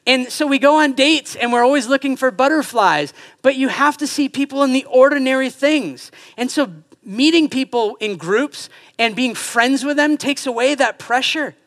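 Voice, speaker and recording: A man preaching in a high, bright voice, animated and playful, slipping into quick impressions of other people. He delivers a casual, joking sermon to a church congregation. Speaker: pastor. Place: church sanctuary.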